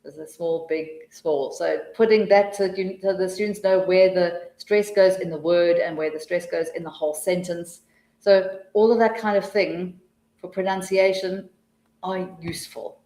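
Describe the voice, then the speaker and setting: A woman presenting a live teacher-training webinar, chatty and full of restarts, muttering quiet asides to herself as she clicks between slides. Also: on the low side, fairly even intonation, moderate pace, roomy sound, poor audio.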